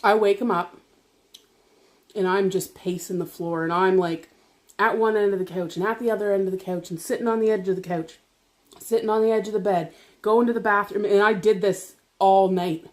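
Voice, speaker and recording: A woman vlogger telling a personal story while eating dinner, chatty and animated, laughing often and swearing casually. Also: medium pitch, normal speed. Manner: animated, talks to viewers directly.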